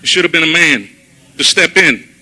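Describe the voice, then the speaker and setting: Man doing church testimony, high and sharp-toned voice, animated storyteller. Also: normal speed, rough recording. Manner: animated storytelling, acting out his own past words. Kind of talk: personal testimony sermon. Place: church service.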